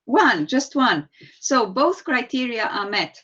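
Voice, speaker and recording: A woman's voice: a little high, sing-song, takes it slowly, bright, forceful tone, husky, muffled recording. A woman teacher, patiently explaining English spelling rules in an online lesson and calling on students. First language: Serbian.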